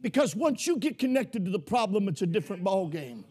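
A man preaching a sermon with impassioned delivery that builds to fervent shouting. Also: sits high, sing-song, brisk, husky.

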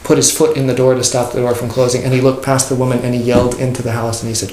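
A man teaching a church class in a loose, conversational way, with jokes and quick acted-out quotes. His voice has a mid pitch and rings in a reverberant room. A faint hiss sits under it. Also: flat delivery, a little mellow. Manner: conversational, joking, acts out quoted people. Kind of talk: informal catechism class. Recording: echoey room with faint noise.

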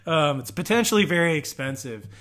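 A man talks through homebrewing gear in a loose, rambling monologue, full of swearing and fillers. His voice sits a little above typical male pitch. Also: expressive, a little fast, a bit bright. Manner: rambling, profane, frequent fillers. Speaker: homebrewing show host. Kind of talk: casual explainer monologue.

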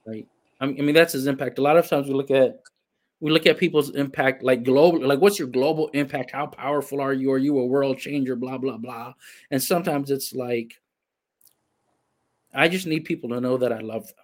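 A man hosting a broadcast interview, talking in a reflective, halting way with many restarts. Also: mid-range voice, steady tone. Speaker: host. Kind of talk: interview conversation, livestream.

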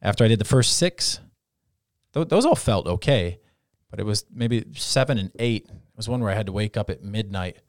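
A man in his thirties with a fairly low voice tells a story in casual chat, acting out the lines he quotes. The sound is dry and close. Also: expressive, normal speed, no echo.

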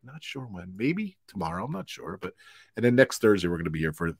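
A man's voice: low voice, very animated, fast talker, slightly rough, dry recording, studio quality. A man hosting a live stream from home, chatting casually and laughing often as he wraps up the show. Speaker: livestream host. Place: home in New York.

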